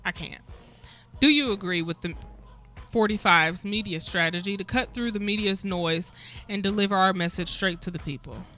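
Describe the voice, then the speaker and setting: A woman's voice: medium pitch, normal speed, sharp tone, faint music behind. A woman co-hosting a talk show, incredulous and sarcastic, firing off rhetorical questions. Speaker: guest co-host. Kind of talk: casual talk show chat.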